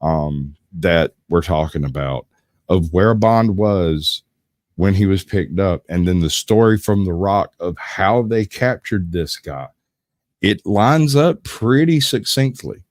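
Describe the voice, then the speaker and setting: A man's voice: deep voice, lively intonation, takes it slowly, darkish tone, dry recording, clean studio sound. A man hosting a casual live stream, rambling and laughing often as he talks. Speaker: host.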